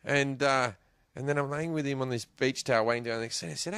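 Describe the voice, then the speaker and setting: Aussie guy spinning a funny story, animated, cussing, dry close sound. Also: mid-range voice, quick pace, clear, resonant tone, dry recording. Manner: animated, swears, laughs mid-story. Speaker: guest. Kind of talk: comic storytelling.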